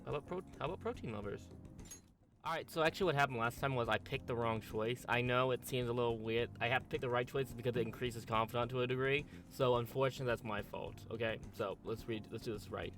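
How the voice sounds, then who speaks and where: A young man talks through his gameplay in a relaxed, easygoing tone. He is self-deprecating and casual, with faint music behind him. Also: medium pitch, quick pace, hardly any pauses. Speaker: gaming streamer.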